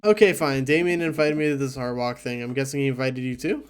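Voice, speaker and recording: A man's voice: medium pitch, quick pace, faint music behind, lightly acted. A man voicing a smug, teasing middle-aged minister in a dating game.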